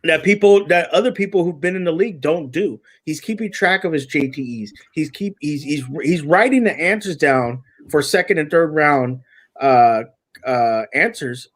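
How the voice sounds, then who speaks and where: Young dude on a podcast, kinda high voice, hyped and rambly, keeps restarting. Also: male voice, normal speed. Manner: excited, rambling with many restarts. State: chewing food. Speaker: podcast co-host. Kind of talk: casual chat.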